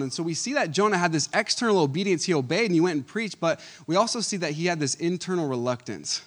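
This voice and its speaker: A male pastor delivering a casual, storytelling sermon in a somewhat high voice. He moves between punchy, raised points and soft, confiding asides, often breaking into a chuckle. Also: fast talker, few pauses. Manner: animated, chuckles often, varies between loud emphasis and quiet asides. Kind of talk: conversational Sunday sermon.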